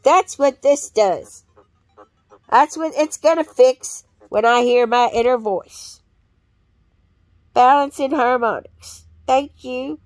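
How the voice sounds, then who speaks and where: A woman's voice: high-pitched, takes it slowly, no echo, soft background music. A woman talking in a rambling, profane and blunt monologue.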